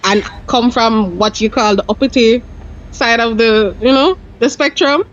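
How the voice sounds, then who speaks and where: A woman's voice: fairly high pitch, unhurried. Chatty woman, slightly dull sound. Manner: chatty, peppers speech with "you know". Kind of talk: casual podcast discussion.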